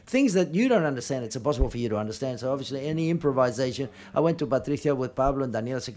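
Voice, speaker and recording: A man of middling pitch answers questions at a film press conference. His speech is halting, and he often breaks off mid-phrase to restart or correct himself. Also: animated, darkish tone.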